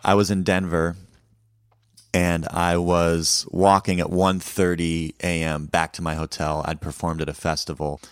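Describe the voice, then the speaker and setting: A male comedian telling a personal story in a deadpan, conversational and self-mocking way. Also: deep voice, measured pace, clean tone, dry recording, clean studio sound.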